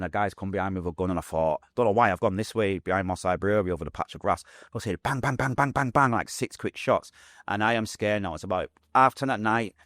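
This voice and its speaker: A young adult man with a Manchester accent, telling his own story as a podcast guest, fast and vivid, acting out what people said. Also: lowish voice, no room sound, studio quality. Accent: Mancunian English. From Manchester, England.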